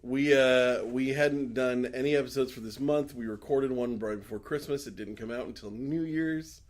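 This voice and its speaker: Rambling, swearing podcast host. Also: male voice, medium pitch, moderate pace. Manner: rambling, swearing, laughs often, retells scenes in put-on voices. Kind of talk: casual chat.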